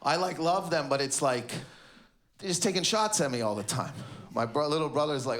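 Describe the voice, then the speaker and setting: A man from Canada doing a stand-up set on stage, animated and loud, jumping into impressions of his family. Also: fairly high pitch, normal speed. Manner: animated, shouts punchlines, slips into impressions of family. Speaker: stand-up comedian. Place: comedy stage before a live audience. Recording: live show with loud crowd laughter.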